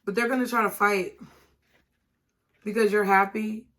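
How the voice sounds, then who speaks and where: A woman gives a tarot reading, speaking directly to her viewers in an encouraging manner. Her voice is medium in pitch and fairly bright, with a steady tone and a normal speed.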